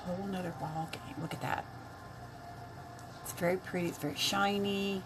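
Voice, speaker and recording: A woman's voice: fairly low pitch, fairly even intonation, normal speed, over music. An older woman chatting casually on a makeup live stream, greeting viewers by name as she works.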